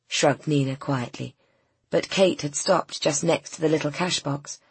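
A woman narrating a novel as an audiobook, in calm, even storytelling. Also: deep voice, unhurried, breathy edge, dry recording. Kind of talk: scripted narration.

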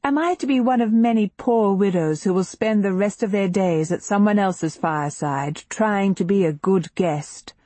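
A woman narrating a historical novel in the first person, in a measured, intimate and emotionally expressive reading. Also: mid-range voice, no echo. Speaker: audiobook narrator.

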